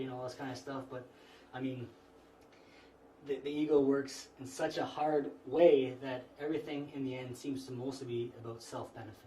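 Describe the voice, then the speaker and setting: A man's voice: mid-range voice, brisk. Man lecturing casually in an echoey room. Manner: relaxed, conversational, frequent restarts and "you know". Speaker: class instructor. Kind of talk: informal spiritual lecture to a small group. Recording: echoey room, mic far off, faint noise.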